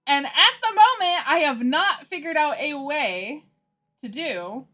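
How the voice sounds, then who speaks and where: Her high, fairly bright voice has lively intonation and a measured pace as she hosts a livestream. She talks casually with viewers and laughs frequently between lines. Faint music sits in the background.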